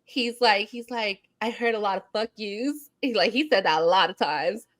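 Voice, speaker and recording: A woman's voice: medium pitch, moderate pace. A young adult woman co-hosting a podcast, telling a story in casual chat, laughing often and acting out quotes. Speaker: podcast co-host.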